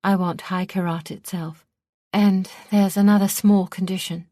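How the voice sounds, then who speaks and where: A woman's voice: medium pitch, little pitch movement, a little slow, warm tone, no room sound, clean studio sound, voice pushed up, natural voice. A woman narrator voicing an ambitious young princess who sounds demure but calculating. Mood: scheming.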